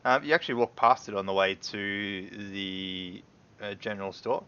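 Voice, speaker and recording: A man's voice: fairly low pitch, normal speed, fairly bright tone, clear, resonant tone, dull audio. A man, running a tabletop game as game master in a loose, rambling way. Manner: loose, rambling, many fillers and restarts. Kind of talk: narrating a tabletop game on a livestream.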